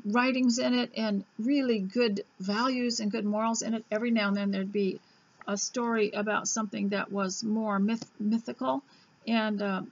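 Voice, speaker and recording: A woman host reading an old school reader aloud, breaking off into chatty asides and admitting she talks too fast. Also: fairly high pitch, dry recording. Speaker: homemaking radio host. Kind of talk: casual reading lesson. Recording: dull lo-fi recording.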